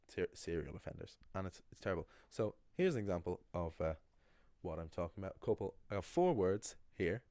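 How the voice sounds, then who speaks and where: A man explains Irish pronunciation to learners, emphatic and critical as he points out common mistakes and often restarts his sentences. His voice is low with a darkish tone, and there's no room sound.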